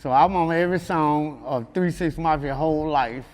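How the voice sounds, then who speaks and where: A man's voice: a little high, moderate pace, long reverb tail. A man from Memphis with a Southern accent, telling stories in a loose, laughing way and often asking "you know what I'm saying". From Memphis, USA. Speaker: rapper guest. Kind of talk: casual interview storytelling.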